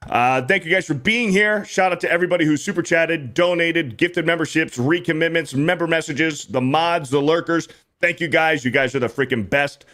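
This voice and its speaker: A man's voice: on the high side, moderate pace, a bit bright. A young man hosting a casual podcast, reading out viewer donations in a laid-back way. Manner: laid-back, reads out donor messages. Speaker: podcast host.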